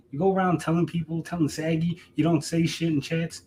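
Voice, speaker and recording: A man's voice: a little high, steady tone, brisk, few pauses, darkish tone, a little hiss or hum, low-quality recording. A man delivering a heated, profane callout rant to camera, repeating himself and mocking his target. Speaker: streamer.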